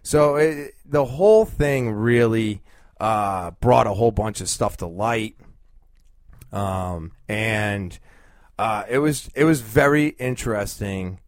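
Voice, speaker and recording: A man's voice: on the low side, takes it slowly, no echo, clean studio sound. Rambling man talking on a podcast. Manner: rambling, many fillers and restarts. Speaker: podcast host. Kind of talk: casual podcast monologue.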